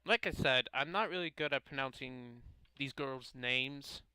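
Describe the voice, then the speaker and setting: A man reading a visual novel aloud in a casual playthrough, halting and stumbling over names as he corrects himself. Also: medium pitch, pushed and bright, clear, resonant tone, no echo, low-quality recording. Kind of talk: casual game playthrough narration.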